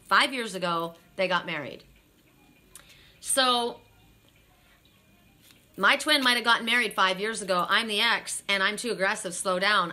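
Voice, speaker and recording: A woman's voice: mid-range voice, sharp tone. A woman telling a story from a psychic reading in a rambling, blunt way, swearing freely. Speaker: psychic reader. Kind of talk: casual spiritual storytelling.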